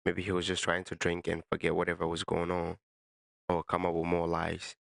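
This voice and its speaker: Very deep, gravelly man in a dry room, casual reaction commentator. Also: completely flat delivery, normal speed, a bit bright, no room sound. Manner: casual, addresses listener as "bro".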